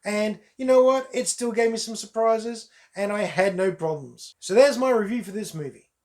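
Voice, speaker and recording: A man's voice: high voice, moderate pace, a little mellow. A man, chatting through a casual solo film review to his viewers, emphatic and repeating words for stress. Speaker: movie reviewer.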